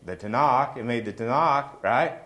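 A man's voice: mid-range voice, moderate pace, fairly bright tone. A middle-aged man preaching a sermon in a conversational way, often asking the congregation questions.

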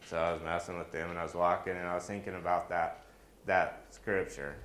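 Echoey low-voiced preacher telling stories. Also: male voice, brisk, slight background noise. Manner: animated, jokey asides, acts out quoted voices. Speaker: pastor. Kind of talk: storytelling sermon.

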